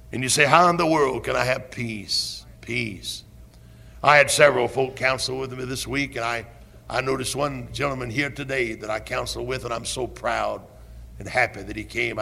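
A man preaching a fiery old-time sermon with a Southern accent, impassioned and building to shouts with drawn-out emphasis. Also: mid-range voice, gravelly. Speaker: pastor. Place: church sanctuary. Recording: 1970s church recording with long hall reverb.

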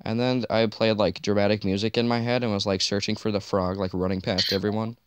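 A man's voice: on the low side, level tone, brisk, clean tone. A teenage boy co-hosting a podcast in casual chat, rambling and cracking crude jokes. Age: teens. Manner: jokey, rambling, crude humor. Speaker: podcast co-host.

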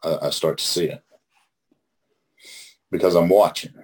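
Low-pitched and darkish, his voice holds a steady tone at an unhurried pace. The speaker is a middle-aged Oklahoman guiding a recovery study in relaxed teaching mode, folksy, emphatic, and prone to repeating phrases for emphasis.

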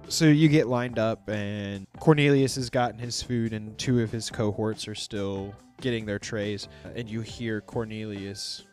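A man narrating as game master of a tabletop role-playing game, in a relaxed, loose storytelling way. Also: fairly low pitch, a little slow, few pauses, soft background music.

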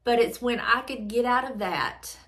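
A woman's voice: fairly high pitch, moderate pace, a bit bright. A woman hosting a devotional channel, reading aloud and reflecting earnestly, repeating her phrases as she thinks things through.

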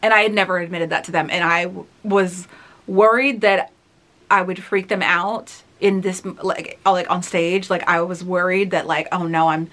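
A woman's voice: on the low side, steady tone, normal speed, a bit bright. A woman of thirty talking candidly and casually as she reacts to her own old video, rambling with many fillers. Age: 30s. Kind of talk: casual reflective commentary.

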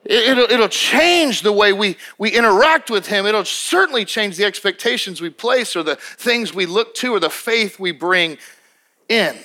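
A man's voice: high-pitched, animated, normal speed, bright, forceful tone. A male pastor preaching a sermon in an emphatic, conversational way, often restarting his sentences.

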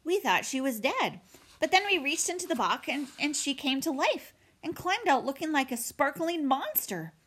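A woman's voice: high-pitched, big pitch swings, moderate pace, a bit bright, voice pushed up. A woman voicing a friendly female otter who chats in a casual, easygoing way. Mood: chatty. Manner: casual, chatty.

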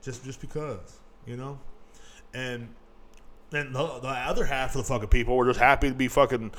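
A man's voice: mid-range voice, fairly even intonation, normal speed. A man hosting a casual podcast, ranting in a profane, rambling way and mocking people in put-on voices. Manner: gets loud and worked up. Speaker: podcast host. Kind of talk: casual rant.

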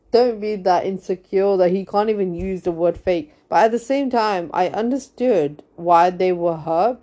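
Slow, mellow-voiced young woman chatting. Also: medium pitch. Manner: rambling, laughs often, many fillers. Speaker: podcast host. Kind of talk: casual gossip chat.

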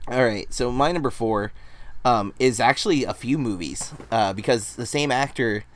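A man's voice: mid-range voice, animated, moderate pace. A man co-hosting a casual podcast chat, talking with a lot of hesitant ums and restarts. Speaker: podcast co-host.

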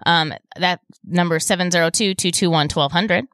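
A woman's voice: on the low side, moderate pace, fairly bright tone, no echo. A woman hosting a live radio shopping show from a studio mic, bubbly and cooing over the deals as she reads them out. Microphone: studio microphone.

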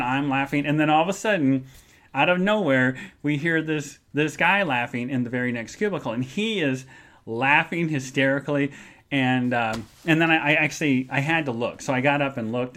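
A man's voice: medium pitch, a bit bright. A man hosting a live podcast show, telling a rambling story in a chatty way with lots of fillers. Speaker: podcast host.

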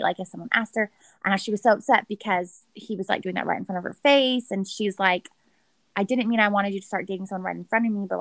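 A woman's voice: medium pitch, fairly bright tone, dry recording. A woman in casual chat, recapping a reality show with a gossipy, chatty manner full of "like.". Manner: chatty, gossipy, heavy use of "like".

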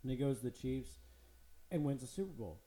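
A man's voice: mid-range voice, expressive, a little fast, warm tone, echoey room, low-quality recording. A man co-hosting a podcast, chatting casually and animatedly about football, swearing and laughing often. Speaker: podcast co-host. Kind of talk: casual sports chat.

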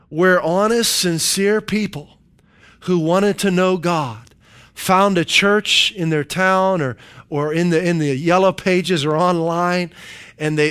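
A man preaches with a smooth, clear voice that sits a little higher than most. He takes his time, driving each point home with repetition and quoted verses. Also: a bit bright. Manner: emphatic preaching with repeated phrases and scripture quotes. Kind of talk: sermon.

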